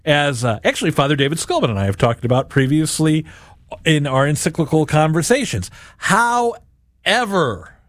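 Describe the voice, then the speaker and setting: A man's voice: a little high, sing-song, normal speed, fairly bright tone, no room sound, clean studio sound. A man hosting a daily gospel reflection, talking earnestly and directly to his listeners and often repeating words as he goes.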